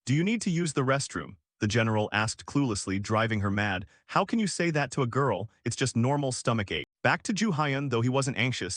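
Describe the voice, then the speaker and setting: A man narrating a story recap in a scripted storytelling style, lifting his pitch for the characters' lines. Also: fairly bright tone, no echo, clean studio sound.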